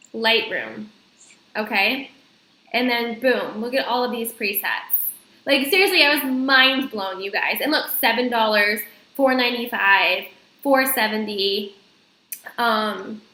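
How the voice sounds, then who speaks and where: Bright, chatty woman in an echoey room. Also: fairly high pitch. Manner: chatty, filler-heavy, talks straight to viewers. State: slightly out of breath. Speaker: vlogger. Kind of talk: casual screen-share tutorial.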